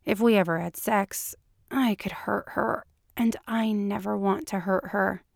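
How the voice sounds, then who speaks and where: A woman's voice: medium pitch, fairly even intonation, unhurried, gravelly, no echo, studio quality. A woman doing a mopey, sheepish male agent.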